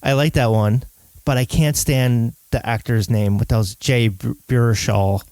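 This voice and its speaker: A man's voice: medium pitch, steady tone, moderate pace, darkish tone, clean tone, no room sound, rough recording. A man in his thirties hosting a casual podcast chat about movies, easygoing and laughing often. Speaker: podcast host.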